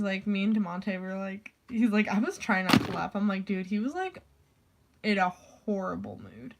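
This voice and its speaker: A teenage girl in high school, telling a rambling story about her teacher, full of "like" fillers, swearing and quoted voices. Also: a little hiss or hum. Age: teens. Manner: rambling, heavy "like" filler, swearing, animated quoting. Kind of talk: casual storytime rant.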